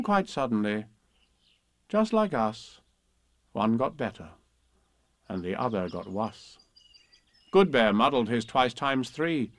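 Casting: a man in a dry, close recording, reading children's verse with gentle expression. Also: medium pitch, dry recording. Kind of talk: reading children's poems and stories aloud.

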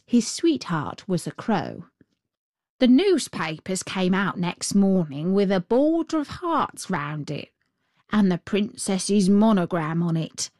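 A woman reading a fairy tale aloud in a gentle, unhurried and expressive way. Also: medium pitch, no room sound, studio quality. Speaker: storyteller.

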